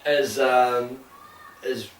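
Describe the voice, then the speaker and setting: Putting on a Canadian accent, a podcast co-host rambles through laid-back chat, swearing easily and laughing often. His medium-pitched voice has fairly even intonation and drawn-out words, with a slight hiss or hum. The recording is roomy, with a distant mic and faint ambience.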